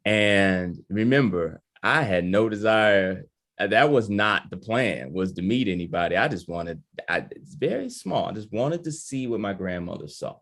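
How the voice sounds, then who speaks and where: A man's voice: fairly low pitch, animated, normal speed, a bit bright. A man from Michigan, a family historian and podcast guest, telling a story with animation and acting out the voices he quotes.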